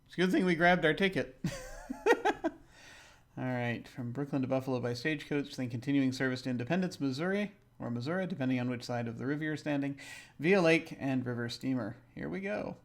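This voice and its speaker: A man's voice: mid-range voice, a little fast. A man giving casual, chatty gameplay commentary who laughs often and talks to himself. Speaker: game streamer.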